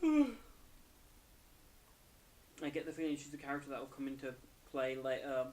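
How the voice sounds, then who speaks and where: A man's voice: mid-range voice, very animated, moderate pace, darkish tone, a little hiss or hum. A young man, tired and yawning, casually reviewing an anime episode in a rambling, self-correcting way.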